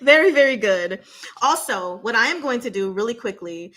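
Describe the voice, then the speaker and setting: A young woman hosting a casual livestream, chatting with viewers, speaking slowly and deliberately and laughing often. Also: fairly high pitch, animated, fairly bright tone. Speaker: channel host.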